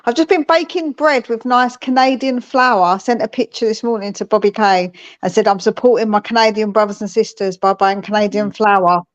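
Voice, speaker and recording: A woman's voice: medium pitch, steady tone, a little fast, hardly any pauses. A woman calling in to a fan show, friendly and chatty. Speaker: caller. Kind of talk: casual call-in chat.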